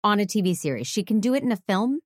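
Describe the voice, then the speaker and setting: A woman's voice: medium pitch, sing-song, quick pace, no room sound, clean studio sound. A woman co-hosting a casual movie podcast, wry, teasing and opinionated. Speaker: podcast co-host.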